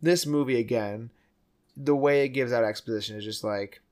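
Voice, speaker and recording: A man hosts a relaxed movie podcast in a casual, joking tone. He recaps scenes and keeps throwing in quick impressions of the characters. His pitch sits in an ordinary middle range. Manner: jokey, slips into quoted character voices. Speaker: podcast host.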